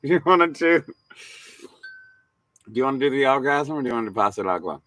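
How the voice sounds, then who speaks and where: A man's voice: mid-range voice, animated, normal speed. A man hosting a live bar show as a singing bard, joking and bantering in a bawdy, playful way between songs. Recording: loud guitar music behind. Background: loud guitar music.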